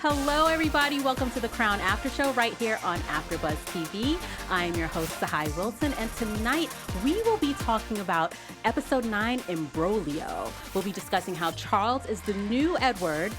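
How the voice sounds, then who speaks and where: A woman's voice: medium pitch, animated, moderate pace, hardly any pauses, music in the background. A woman hosting an online TV after-show, chatting casually about an episode and laughing easily. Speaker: host. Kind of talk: casual TV recap chat.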